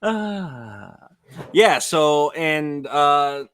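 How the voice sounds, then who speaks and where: Animated, laughing male podcast co-host. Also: on the high side, extremely slow. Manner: animated, laughs often, stumbles and restarts. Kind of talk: casual fan podcast chat.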